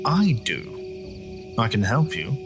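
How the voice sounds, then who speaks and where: A man's voice: mid-range voice, sing-song, slow pace, over music. A man putting on a crackly old professor. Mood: smooth, beckoning. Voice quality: crackly, popping voice. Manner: polished, radio-like speaker's voice with a slight accent. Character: eerie courteous old male professor.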